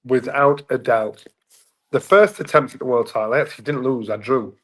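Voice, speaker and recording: A man in his fifties, a former boxing champion from England, telling stories casually as an interview guest and acting out the voices in them. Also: brisk. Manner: animated, acts out voices in anecdotes with rising pitch. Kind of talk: casual storytelling in a sit-down interview.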